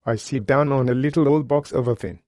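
Man, preacher, sermon testimony, earnest, plain-spoken, mid-pitched voice, dry sound. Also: a little fast, a little mellow, no room sound.

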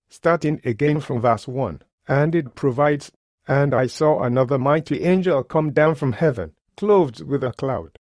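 A man's voice: medium pitch, a little mellow, dry recording, studio quality. A man preaching a sermon, reading scripture aloud and expounding it in an emphatic, declamatory way.

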